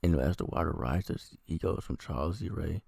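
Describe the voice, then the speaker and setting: A man's voice: a bass voice, moderate pace, vocal fry, darkish tone, breathy edge, no room sound, clean studio sound. A man from the American Midwest casually reviewing a TV episode while feeling unwell, rambling and sarcastic, with frequent swearing.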